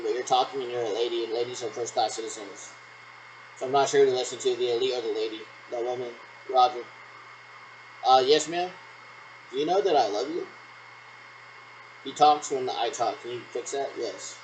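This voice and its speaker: A man's voice: medium pitch, a little mellow, a little hiss or hum, poor audio. A man rambling through pretend radio checks on his own, ending turns with "over". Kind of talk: solo role-played radio checks.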